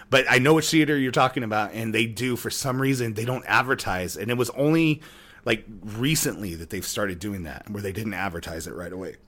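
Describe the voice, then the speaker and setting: A man in his thirties co-hosting a podcast, chatting casually and telling long, animated stories with many restarts. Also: lowish voice. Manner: rambling, animated storytelling with frequent restarts. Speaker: podcast co-host. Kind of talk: casual chat.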